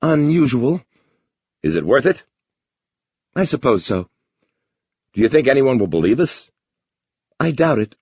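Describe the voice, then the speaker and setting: A man voicing a female space commander whose soft, hesitant voice quavers, in a dull lo-fi recording. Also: medium pitch, sing-song, unhurried, long pauses, husky, dry recording, pitched above the performer's own voice. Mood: uneasy.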